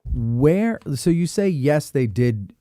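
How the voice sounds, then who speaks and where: A man hosts the conversation in a relaxed, easygoing way, and his pitch swings freely as he asks questions. His voice is mellow and warm, recorded dry and close. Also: slow, dry recording. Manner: relaxed, agreeable interviewer, many short affirmations. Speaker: podcast host. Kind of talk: podcast conversation.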